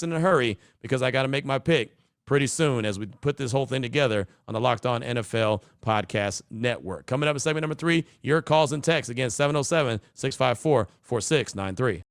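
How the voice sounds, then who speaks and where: A man hosting a sports talk podcast, chatty and energetic, reading out listener texts and hyping his audience. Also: fairly high pitch, clean tone, dry recording, clean studio sound. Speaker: podcast host.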